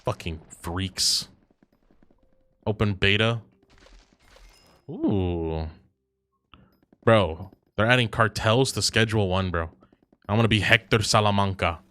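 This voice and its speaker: A man's voice: fairly low pitch, slow, pauses often, fairly bright tone, no echo. A man streaming a video game, chatting casually in a profane, teasing way that often breaks into laughter. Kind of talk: casual gaming chat.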